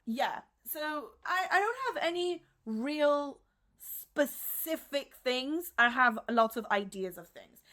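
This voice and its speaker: A woman's voice: a little high, bright, forceful tone. A woman in her thirties from France, answering interview questions in a chatty, upbeat way with lots of fillers. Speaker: dancer and teacher, podcast guest.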